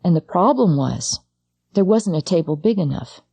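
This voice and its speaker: A middle-aged woman, a psychologist and mother, gives a personal talk on loss in a mellow, warm voice. She speaks straight to the listener, intimate and halting, often circling back over her words. The recording is dry and close. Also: fairly low pitch, animated, husky, no room sound.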